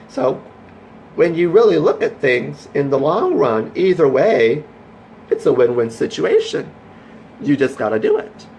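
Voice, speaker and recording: A man vlogging, telling a rambling, animated story to his viewers that builds into a motivational pep talk. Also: fairly high pitch, unhurried, creaky, a little hiss or hum, rough recording. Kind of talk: casual storytelling vlog.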